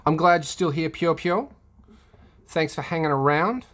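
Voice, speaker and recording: A man casually answering viewer questions on a live stream, hesitant with many pauses and ums. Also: on the high side, a bit bright.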